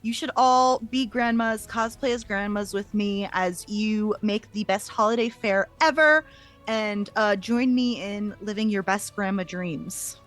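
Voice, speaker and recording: A woman's voice: mid-range voice, a little slow, a bit bright, soft background music. A woman tabletop game player chatting casually and offhandedly about herself. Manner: casual, loose, swears offhandedly. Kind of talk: casual chat.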